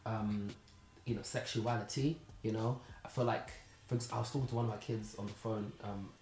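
A man's voice: on the low side, steady tone, a little fast, darkish tone, a little hiss or hum. A man from Zimbabwe hosting a casual podcast chat, telling stories with animation and then turning earnest and reflective. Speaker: podcast host. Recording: roomy echo.

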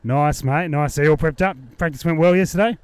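A man's voice: on the high side, brisk, darkish tone, clear, resonant tone. A man hosting a podcast, joking and bantering with competitors at an outdoor shooting range. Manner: jokey, matey banter. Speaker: podcast host interviewing competitors. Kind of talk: casual on-site interviews.

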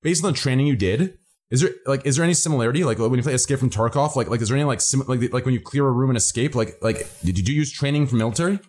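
A man hosts a charity stream, rattling through introductions at a quick clip. His pitch sits mid-range and his talk wanders, full of fillers and restarts. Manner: excitable, rambling with frequent fillers. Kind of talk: casual chat.

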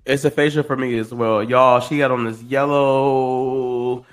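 A man's voice: mid-range voice, measured pace. A man co-hosting a podcast, giving casual, playful reality-show recap commentary. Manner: animated, playful banter. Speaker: podcast co-host.

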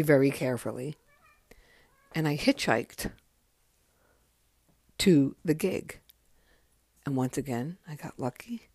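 Brief: woman, 50s, deep voice, casual podcast memoir, frank and foul-mouthed, dry close recording. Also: darkish tone, husky, no room sound. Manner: candid, profane and chatty. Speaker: podcast host.

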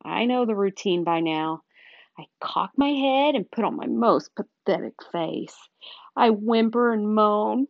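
A woman reading a children's chapter book aloud with expressive, animated storytelling. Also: medium pitch, measured pace, gravelly, dry recording. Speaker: storybook reader. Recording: dull, dry recording.

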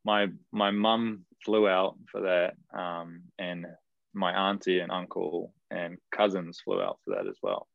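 Gravelly low-voiced New Zealand man. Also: lively intonation, a little slow, dry recording. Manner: chatty, laughs often, many fillers and restarts. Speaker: guest, professional footballer. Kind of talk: casual storytelling interview. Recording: dull lo-fi video call audio.

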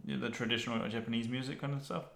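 A man's voice: mid-range voice, rapid-fire, creaky, roomy sound. A man co-hosting a casual chat, reacting to song lyrics with a lot of swearing and mock-dramatic readings. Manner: animated, swearing, reads lyrics aloud in mock-dramatic tones. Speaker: podcast co-host.

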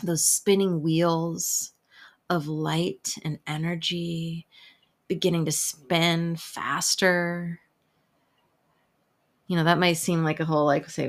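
A woman's voice: on the low side, takes it slowly. A woman who works as an emotional health specialist, talking casually about breathwork with lots of swearing, jokes and laughter. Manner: profane, playful, laughs often. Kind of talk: casual spoken talk.

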